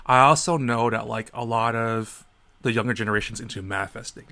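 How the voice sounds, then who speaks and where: A man co-hosting a casual podcast, telling animated stories and acting out the people in them. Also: brisk. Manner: animated storyteller, acts out other people in a high voice. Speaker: podcast co-host.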